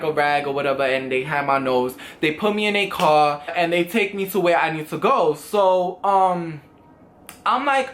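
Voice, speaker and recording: A young man telling a storytime vlog in a casual, animated way, full of swearing and acted-out quotes. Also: on the high side. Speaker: vlogger.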